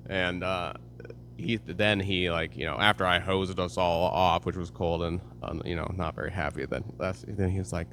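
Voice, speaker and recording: Low-voiced joking young man host. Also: normal speed, slight background noise. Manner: joking, animated storyteller. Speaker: podcast host. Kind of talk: casual interview chat.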